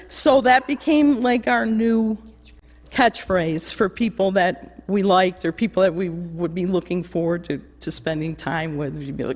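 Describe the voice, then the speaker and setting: A woman's voice: mid-range voice, measured pace. Woman eulogist, anecdotal and laughing, long church reverb. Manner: anecdotal, laughing, mimics voices. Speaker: eulogy speaker. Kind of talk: memorial remembrance.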